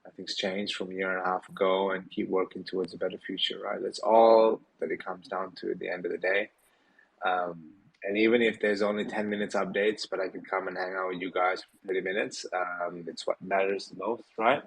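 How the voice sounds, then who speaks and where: A man's voice: low-pitched, little pitch movement, a little fast, creaky, low-quality recording. A tired man hosting a casual live audio Q&A, rambling with many fillers and yawning late at night. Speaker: host of a community Q&A.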